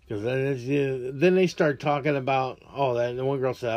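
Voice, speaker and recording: A man's voice: medium pitch, animated, moderate pace, highs cut off. A man hosting a podcast, ranting crudely and angrily with heavy swearing. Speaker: podcast host. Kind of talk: profane rant monologue.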